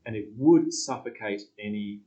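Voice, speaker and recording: A man with a New Zealand accent talks films in a relaxed podcast chat, his voice sitting fairly low. He rambles, doubles back and restarts his sentences as he thinks aloud. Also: moderate pace, low-quality recording. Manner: rambling, restarts mid-thought. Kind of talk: casual film podcast chat.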